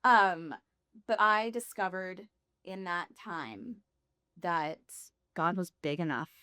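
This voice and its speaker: Woman telling her faith story, low voice. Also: takes it slowly, sharp tone, smooth, no echo, clean studio sound. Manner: candid storytelling, laughs often. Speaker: podcast guest. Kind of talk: personal faith testimony.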